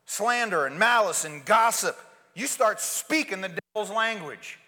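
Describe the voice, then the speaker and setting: High, lively preaching man in a hall. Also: a little slow. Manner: preaching with dramatic swings between loud outbursts and soft asides. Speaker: pastor. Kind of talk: sermon.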